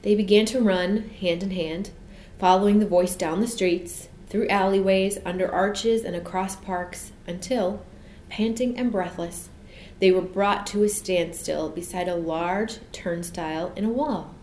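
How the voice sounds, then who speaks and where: A woman narrating a children's story in an expressive, measured way. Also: mid-range voice. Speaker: audiobook narrator. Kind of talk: storybook reading. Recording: echoey room with faint hiss.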